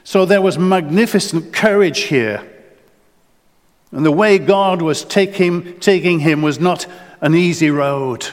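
Earnest preacher with a booming echo. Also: male voice, unhurried. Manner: earnest, repeats words and restarts often. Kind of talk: sermon. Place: church. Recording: long church reverb.

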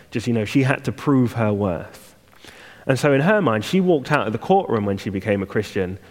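A man preaches to a church congregation, talking it through plainly and turning now and then to a wry aside. His voice sits at an ordinary middle pitch. A long reverb hangs after each phrase, as in a large church. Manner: conversational, self-deprecating asides. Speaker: guest preacher. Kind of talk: sermon.

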